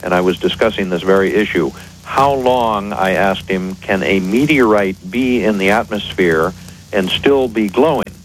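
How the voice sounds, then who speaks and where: Man, radio guest expert, low voice, measured and precise, faint background hiss. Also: low-quality recording.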